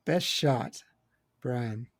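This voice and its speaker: A man's voice: medium pitch, sing-song, very slow, slightly rough. A man co-hosting a casual film podcast roundtable, chatty and opinionated with joking asides. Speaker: podcast co-host.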